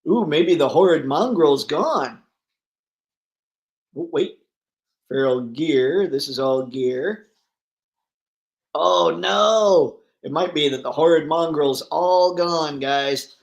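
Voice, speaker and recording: A man's voice: a little high, takes it slowly, darkish tone. Chatty man hosting a toy livestream. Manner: chatty, reads viewer comments aloud and riffs on them; thinks aloud while browsing online listings. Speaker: livestream host. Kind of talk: casual live chat.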